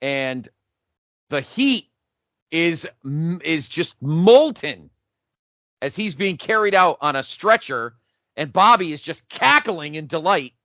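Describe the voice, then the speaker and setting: A man co-hosting a podcast, telling an imagined match as animated, profane play-by-play in casual chat. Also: fairly high pitch, takes it slowly, no room sound. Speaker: podcast co-host.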